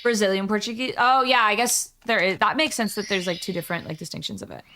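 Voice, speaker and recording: A woman streamer in casual live-stream chat, chatty and excitable, swearing freely as she talks to her viewers. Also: medium pitch, fast, slight background noise.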